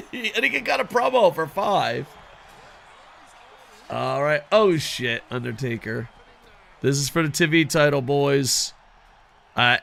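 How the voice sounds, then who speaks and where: A man giving casual, excitable video game commentary, swearing constantly and talking to his viewers as "boys.". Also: fairly high pitch, creaky. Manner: excitable, heavily profane, addresses viewers as boys. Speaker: gaming commentator.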